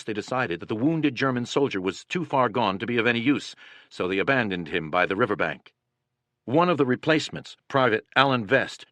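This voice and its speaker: Low-voiced man narrating a war story. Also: fairly bright tone, dry recording. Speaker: audiobook narrator. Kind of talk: scripted narration.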